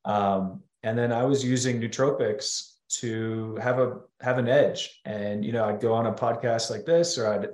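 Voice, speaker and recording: A man's voice: mid-range voice, steady tone, a little slow, few pauses, a little mellow, reverberant. A man speaking as a guest on a podcast, talking in a rambling, hesitant way. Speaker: guest, company co-founder. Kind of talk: casual podcast conversation.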